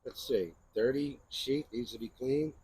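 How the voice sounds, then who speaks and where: A man's voice: mid-range voice, unhurried, darkish tone, slight background noise. A man hosting a knife channel, chatting casually in a rambling show-and-tell review and often asking "right?".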